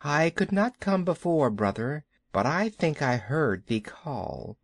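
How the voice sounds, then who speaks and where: A man voicing a huge old male python in a children's audiobook, drawing out his words in a slow hiss. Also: fairly high pitch, big pitch swings, no echo, exaggerated voice. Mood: commanding. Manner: slow, drawn-out hissing speech.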